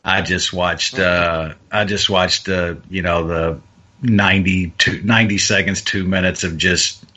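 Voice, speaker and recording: Man, low bright voice, halting restarts, casual podcast chat, dull lo-fi sound. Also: fairly even intonation. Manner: hesitant, many restarts and stammered repeats. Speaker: podcast co-host. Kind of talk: casual MMA betting talk.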